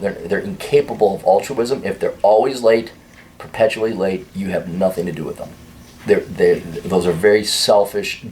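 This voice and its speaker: A man's voice: fairly low pitch, a little mellow. A man hosting a casual opinion monologue in a blunt, crude and sardonic way. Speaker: host.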